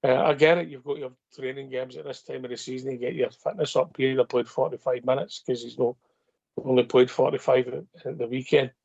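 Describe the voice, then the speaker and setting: A man's voice: medium pitch, fairly even intonation, a little fast, gravelly, a little mellow, breathy edge, dull audio. A Scottish man co-hosting a fan phone-in, making firm, emphatic points in casual chat.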